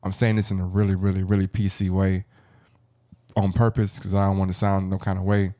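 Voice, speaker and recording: Male podcast host, low dry voice, playful rambling banter. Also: flat delivery, a little fast, dark tone, no echo. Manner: rambling, self-interrupting, playful.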